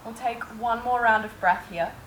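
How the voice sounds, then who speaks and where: A woman teaching a yoga class, calmly cueing breath and movement step by step. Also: a little high, normal speed, distant mic, slight background noise. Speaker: yoga instructor. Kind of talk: guided yoga class instruction. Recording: echoey room, faint ambience.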